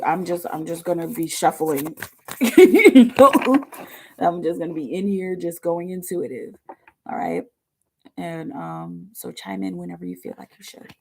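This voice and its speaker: A woman with a tired, bass-heavy voice, rambling chattily with many fillers as she gives a live online tarot reading. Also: vocal fry, dark tone. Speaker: tarot reader.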